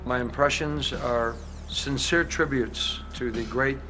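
Man introducing himself, relaxed. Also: medium pitch, slow, over music. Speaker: entertainer and impressionist. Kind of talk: self-introduction in interview.

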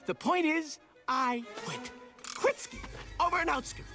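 A brash shouting clown. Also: male voice, extremely high pitch, full character voice. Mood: mocking. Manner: loud rapid comic rant, shouting. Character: brash wisecracking male circus clown quitting. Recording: film soundtrack with loud music.

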